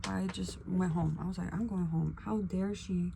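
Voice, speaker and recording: A young woman vlogger chatting casually while getting ready, acting out quotes with sudden whispers and high bursts. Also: steady tone, moderate pace, gravelly, noisy background. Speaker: beauty vlogger.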